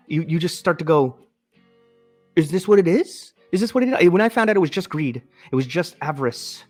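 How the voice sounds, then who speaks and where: A man hosting a political commentary show alone, reading news articles aloud and breaking off to rant in a profane, sarcastic way. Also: medium pitch. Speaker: host.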